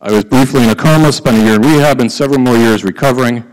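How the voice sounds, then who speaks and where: A middle-aged man giving a prepared conference talk, who sometimes breaks into fast auctioneer-style patter. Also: mid-range voice, long reverb tail, low-quality recording. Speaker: conference speaker. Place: conference hall.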